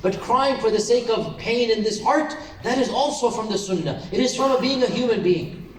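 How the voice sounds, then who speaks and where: A man's voice: extremely high pitch, moderate pace. A man giving an impassioned sermon to an audience, pressing his points with rhetorical questions. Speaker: Islamic preacher. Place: lecture hall with audience. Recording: echoey hall, mic far off, faint noise.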